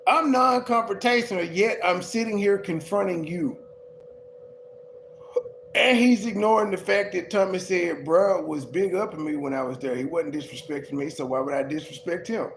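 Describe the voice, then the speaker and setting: A fairly high-pitched man with a gravelly rasp speaks bluntly and dismissively as a co-host, fighting off hiccups. His voice carries the echo of a roomy space, with a faint hum of ambient noise behind him. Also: moderate pace, fairly bright tone. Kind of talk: casual reaction commentary.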